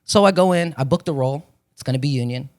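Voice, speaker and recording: Fast-talking, swearing storyteller man. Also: medium pitch, a little mellow. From Florida. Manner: rambling storytelling, profane, acts out voices. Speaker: podcast guest, actor. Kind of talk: casual chat.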